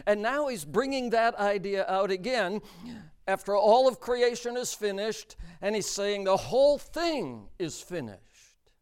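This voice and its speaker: A man preaching a sermon, emphatic and deliberate, repeating key words for stress. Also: sits high, sing-song, clear, resonant tone.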